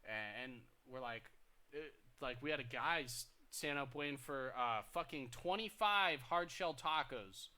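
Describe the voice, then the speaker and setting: A young man co-hosting a podcast, telling work stories in casual chat, getting loud and animated when he quotes people. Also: mid-range voice, unhurried. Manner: animated, rises loud when quoting people, stammers restarts. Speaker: podcast co-host.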